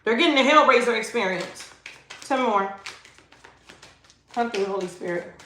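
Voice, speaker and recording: A woman gives a tarot reading to a livestream in a high, bright voice. She talks emphatically, repeats herself, and uses slang. The room is echoey and has faint noise behind her. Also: lively intonation, normal speed. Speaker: tarot reader.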